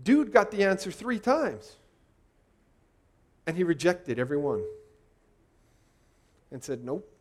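High-voiced man preaching a sermon. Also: very animated, takes it slowly, pauses often. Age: 40s. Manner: conversational, rhetorical questions to the congregation.

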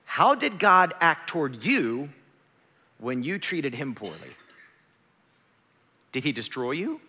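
A pastor in his forties preaching a conversational sermon, asking rhetorical questions and swinging from hushed to emphatic. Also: medium pitch. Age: 40s. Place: church sanctuary. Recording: long reverb of a large hall.

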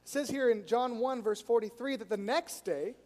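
A high-voiced man preaches in a storytelling style, acting out the people in his stories. He talks in an animated way. His voice carries the long reverb of a large church hall. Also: moderate pace. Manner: animated, acts out quoted people, chuckles while telling. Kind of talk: storytelling sermon.

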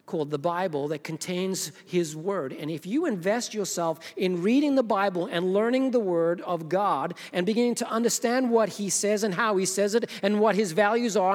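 A man preaching a sermon, moving between emphatic urging and hushed, intimate softness. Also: high-pitched. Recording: long hall reverb.

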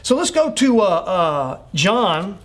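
High-voiced man preaching a sermon. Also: big pitch swings, slow. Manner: earnest, repetitive exhortation with frequent fillers. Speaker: pastor.

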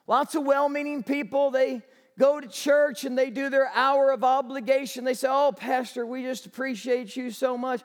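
A man preaching a sermon as pastor, telling stories with animated energy and rising to shouts. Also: extremely high pitch, moderate pace, long reverb tail.

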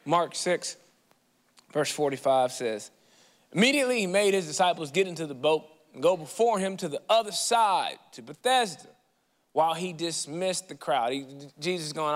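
Bright-voiced preacher in a reverberant hall. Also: male voice, on the high side, normal speed. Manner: animated, conversational preaching with playful asides. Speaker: pastor. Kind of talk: sermon.

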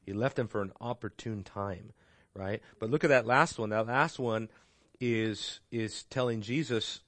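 A man's voice: lowish voice, a little slow, fairly bright tone, dry recording. Chatty man teaching a Bible class. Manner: conversational, tags points with "right?". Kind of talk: casual classroom Bible lesson.

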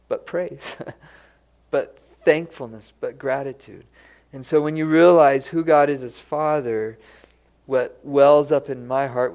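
A man preaching a sermon, telling a parable in a storytelling manner that often drops to a hush and then rises again. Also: mid-range voice, gravelly.

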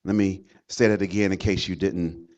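A man preaching a sermon as pastor, full of "uh" fillers and "hallelujah" asides, swinging from loud exhortation to quiet reflection. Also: low voice, steady tone, normal speed, highs cut off. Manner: impassioned preaching, frequent "uh" fillers and "hallelujah" interjections.

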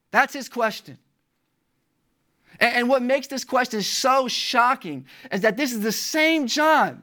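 A pastor delivers a sermon in an unhurried, somewhat bright voice. He builds emphasis through repeated rhetorical questions and shifts in pitch and volume.

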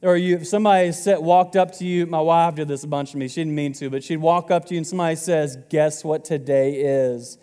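A man's voice: on the high side, steady tone, quick pace, hardly any pauses, warm tone, smooth, big-room sound. A man in his twenties preaching a sermon to his congregation in a casual, joking way. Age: 20s. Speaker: pastor.

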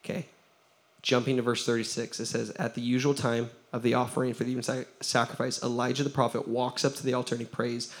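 A man, a pastor giving a lively sermon, acting out the quotes he tells and laughing often. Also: mid-range voice, quick pace.

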